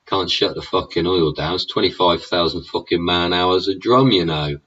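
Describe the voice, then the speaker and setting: A man's voice: sits low, normal speed, fairly bright tone, breathy edge, distant mic. An English man in a sweary, sneering political rant, throwing in "yeah?" and "innit?" as he goes. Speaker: vlogger. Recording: dull sound, away from the mic.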